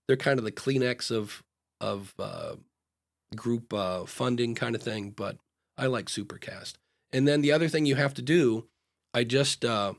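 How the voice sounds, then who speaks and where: A man's voice: medium pitch, vocal fry. Man giving frank podcast advice. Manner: acts out little back-and-forth dialogues in changing voices; frank, loose talk with frequent fillers and restarts. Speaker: podcast consultant and co-host. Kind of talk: casual live podcast advice chat.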